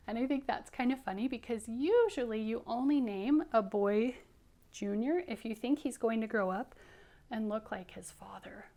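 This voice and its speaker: A woman teacher reading a picture book aloud to young children, animated, dropping into hushed whispered asides. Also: on the high side, moderate pace.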